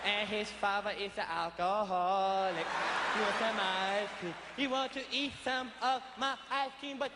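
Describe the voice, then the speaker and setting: A man's voice: high-pitched, fairly even intonation, measured pace. A comedian in a live stand-up set voicing a gloating young boy who taunts other kids with singsong chants. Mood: taunting. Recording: live hall, loud crowd and noise.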